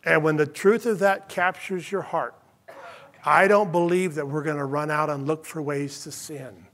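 High-voiced man preaching a sermon. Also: fairly even intonation, moderate pace. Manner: earnest storytelling, drops to a hush in tender moments. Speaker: pastor.

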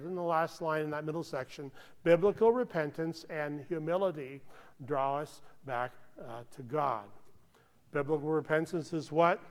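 An American man delivers a sermon in a conversational, earnest way, with a voice sitting a touch high for a man. He keeps checking in with the congregation and drops to near-hushed tones on solemn points. The sound carries a long reverb from a large hall. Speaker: pastor.

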